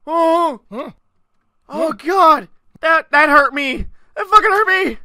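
Excitable, swearing let's-play gamer. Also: very high voice, takes it slowly, long pauses. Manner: excitable, swears a lot, yells at the game. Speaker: gaming channel host. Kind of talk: let's-play gameplay commentary.

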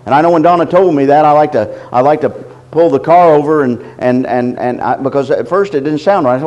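High-voiced preacher, halting and deliberate. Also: male voice, darkish tone, highs cut off. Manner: slow, deliberate scripture reading with frequent halting repeats. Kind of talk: sermon teaching.

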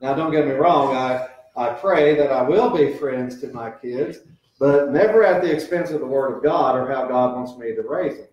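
A man's voice: mid-range voice, normal speed, a little mellow, lo-fi sound. A middle-aged man preaching as pastor, talking earnestly and conversationally about raising children, with quoted voices mixed in. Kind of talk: sermon. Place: church sanctuary. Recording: echoey church, mic from a distance.

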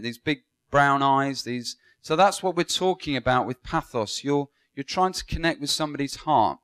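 A man's voice: fairly high pitch, fairly bright tone, clean tone. A man giving a Bible school classroom lecture, engaging, asking students questions and praising their answers.

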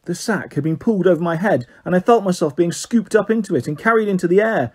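A man reading a children's story aloud in a lively, expressive way. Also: high-pitched, fast.

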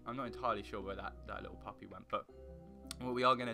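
Young man, bright tone, rambling goofy game commentary, faint guitar music. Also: fairly even intonation, fast talker, vocal fry. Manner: rambling, goofy, bursts into loud high singing and silly noises. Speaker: gaming YouTuber. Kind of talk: casual Minecraft let's play commentary.

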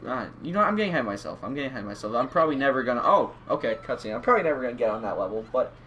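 Excitable, rambling young gaming commentator. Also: male voice, mid-range voice, rapid-fire, slight background noise. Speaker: gaming YouTuber. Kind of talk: let's play commentary.

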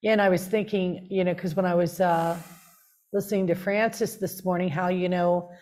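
A woman with a somewhat low voice shares her spiritual story in easy conversation. She sounds earnest and rapt, and her talk is full of "like" and "you know." The tone stays heartfelt throughout. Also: fairly even intonation, normal speed, a little mellow. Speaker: spiritual community member sharing her story.

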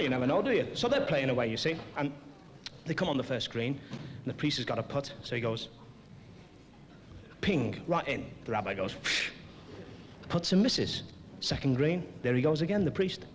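A man doing a stand-up comedy routine as compere, with cheeky quick-fire jokes. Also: medium pitch. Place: large theatre stage. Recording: noisy old video tape with audience. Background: audience laughter.

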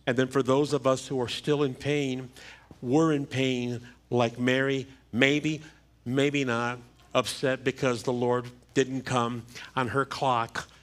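Middle-aged male pastor, funeral sermon, mid-pitched voice, slow halting repeats, church mic. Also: flat delivery. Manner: measured, halting delivery with repeated words. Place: church sanctuary. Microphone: livestream church microphone.

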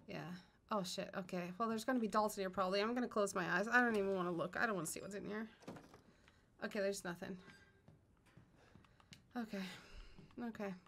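A woman's voice: medium pitch, a bit bright, a little hiss or hum. A young woman doing horror game commentary, scared and swearing as she talks herself through it. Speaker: gaming streamer.

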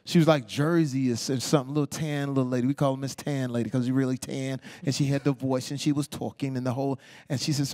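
A man telling stories as a guest on an auditorium stage, animated and laughing, acting out the people he quotes in voices. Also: mid-range voice, fast talker. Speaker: interview guest. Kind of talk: live stage storytelling. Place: stage in a large auditorium before an audience. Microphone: stage microphone.

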